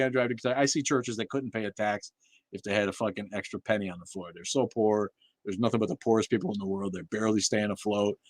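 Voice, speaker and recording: Man, low-pitched, livestream host, casual chat, blunt, profane, lots of fillers, dry sound. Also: dry recording.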